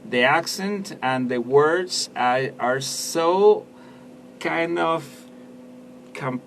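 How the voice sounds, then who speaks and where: Slow, hesitant radio co-host man. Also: fairly high pitch, creaky. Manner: hesitant, searching for words. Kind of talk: casual radio chat about films. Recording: distant mic with some background noise.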